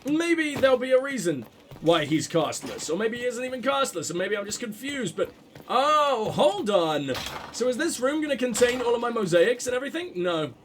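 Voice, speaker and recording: A man commentating on a game in a casual, thinking-aloud way, swearing often. His fairly high voice jumps around a lot, and faint noise sits behind him. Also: big pitch swings, normal speed. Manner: swears freely, reacts aloud, thinks out loud. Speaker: let's play commentator.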